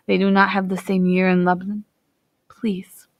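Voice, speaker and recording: A woman's voice: mid-range voice, completely flat delivery, normal speed, no echo, dull audio, natural voice. A woman voicing an earnest, worried young village man who speaks politely in a storybook.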